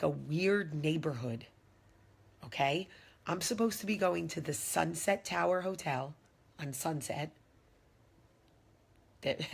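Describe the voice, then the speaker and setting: A woman in her thirties tells a personal story straight to her viewers. Her voice sits low, with a gravelly, husky edge. She acts out each person's lines as she retells what happened. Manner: dramatic retelling with acted-out quotes, direct address to viewers. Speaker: vlogger telling a personal story. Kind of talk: animated storytelling to camera.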